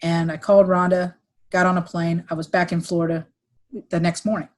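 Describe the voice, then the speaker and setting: Woman telling a family story, halting. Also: on the low side. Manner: halting, many restarts and fillers, quotes others in lively voices. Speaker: podcast guest, executive recruiter. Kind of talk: emotional personal storytelling.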